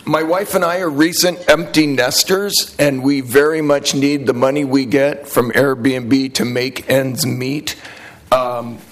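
A man's voice: medium pitch, fairly even intonation, takes it slowly, rough recording. A middle-aged man giving earnest, talkative public testimony at a city council hearing and arguing back when interrupted. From Portland, Oregon, USA.

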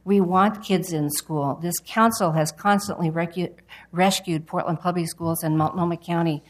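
A woman with a notably low voice speaks before a city council. Her testimony is earnest and urgent, delivered in short, direct statements. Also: fairly even intonation, moderate pace, rough recording. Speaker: public commenter at a city council hearing.

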